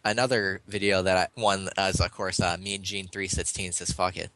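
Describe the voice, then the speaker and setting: A man's voice: sits low, steady tone, normal speed, pushed and bright, no room sound. A young man interviewing over an online voice call, rambling eagerly with lots of ums. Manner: rambling, filler-heavy, eager fan.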